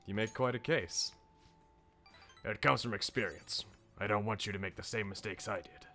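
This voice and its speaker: A weary middle-aged male politician, as a man reading game lines plays him, soft-spoken and measured. His voice sits a little lower and quieter than usual, earnest and reflective. Faint music hums behind.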